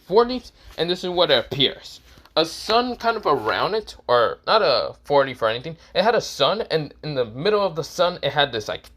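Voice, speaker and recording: A man's voice: a little high, a bit bright. A man improvising a fan story as narrator, rambling with many repeated filler phrases.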